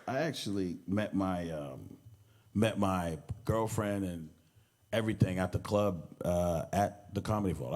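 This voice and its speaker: A man with a fairly low voice gives a loose, anecdotal eulogy, the way a stand-up comedian tells a story. He rambles, restarts, and acts out other people's lines with a lifted voice. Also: a little mellow. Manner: rambling storyteller who acts out quoted lines and laughs as he goes. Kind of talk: informal anecdotal speech at a memorial. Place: memorial service hall.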